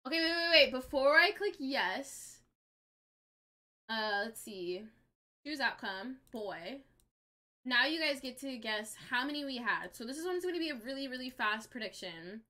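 A young adult woman streaming a game live, chatting with viewers and reacting aloud in an excitable, chatty way. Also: high-pitched, measured pace.

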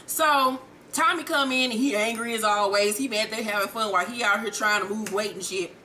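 A woman recapping a TV episode in a sassy, profane, animated storytelling manner. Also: mid-range voice, brisk, a little hiss or hum. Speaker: TV recap vlogger.

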